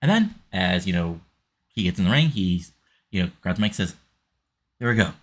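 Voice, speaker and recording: A man's voice: low-pitched, big pitch swings, moderate pace. A man casually narrating a wrestling sim game, rambling with lots of fillers.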